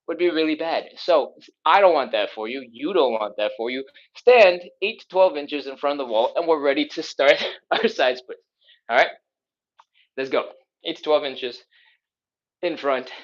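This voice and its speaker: A man's voice: medium pitch, lo-fi sound. A man coaching a live follow-along stretching workout, chatty and upbeat, with playful exclamations as he explains each move. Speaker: stretching instructor.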